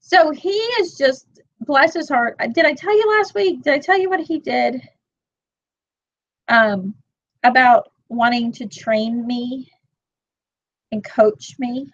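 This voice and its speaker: A woman in her thirties chatting casually to her live-stream viewers, animated and quick to act out her own side of a story. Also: high-pitched, dry recording, highs cut off. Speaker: vlog host reading live chat.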